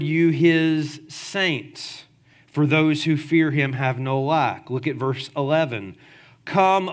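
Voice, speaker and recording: A pastor preaching a lively sermon in a slightly higher male voice. He calls for amens, stretches phrases for emphasis and sinks his voice low on key words.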